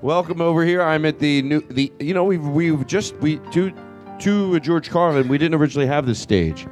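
A man's voice: fairly high pitch, fairly quick, faint music behind. A man hosting a comedy podcast, rambling and laughing as he acts out a stand-up bit. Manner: animated, rambling, laughing, restarts. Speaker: podcast host.

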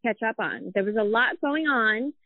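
Woman, 30s, podcast co-host, gossipy storyteller, slightly high voice, phone-like dry sound. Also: expressive, moderate pace, no room sound. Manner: chatty, swearing, tells stories with quoted voices. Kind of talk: casual gossip chat.

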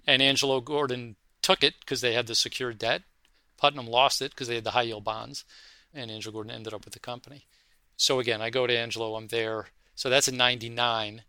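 A man, a fund manager, speaking from his office in an interview, telling his career story in an animated way and acting out the voices in his anecdotes. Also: medium pitch, fairly quick, clean tone, no room sound. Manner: animated anecdotal storyteller, acts out quoted dialogue.

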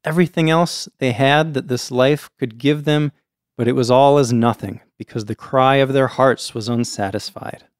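A man's voice: medium pitch, steady tone, normal speed, clean tone, no room sound, studio quality. A man hosting a casual show, reading a folktale aloud and breaking off for chatty asides to his co-host. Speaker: storyteller host.

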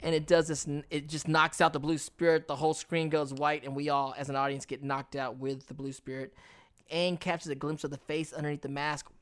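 A man's voice: on the high side, flat delivery, a little fast, a bit bright, smooth. A man co-hosting a casual podcast, retelling a cartoon episode with laid-back storytelling and playful sound effects. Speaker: podcast co-host. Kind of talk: casual TV recap chat.

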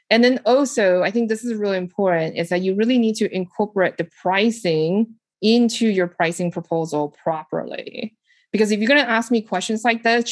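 A woman's voice: lowish voice, no echo. A woman hosting an advice podcast, talking casually and animatedly with frequent fillers and small grammar slips. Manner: lively, animated delivery with frequent "like" and "you know". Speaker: podcast host and home staging business owner. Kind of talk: casual advice podcast, answering listener questions.

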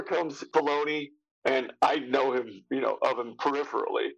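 A man's voice: on the high side, normal speed, vocal fry, slightly rough, dull audio. A man in his fifties, an actor guest telling stories casually, acting out what others said and swearing freely. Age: 50s. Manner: animated, acts out quotes of others, casual swearing. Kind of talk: casual anecdotal storytelling.

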